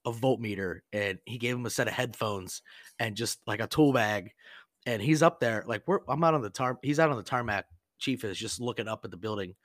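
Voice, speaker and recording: A man's voice: mid-range voice, fairly quick, no echo, clean studio sound. A man hosting a podcast, telling rambling service stories in a casual, profane way and laughing often. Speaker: podcast host. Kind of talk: casual storytelling chat.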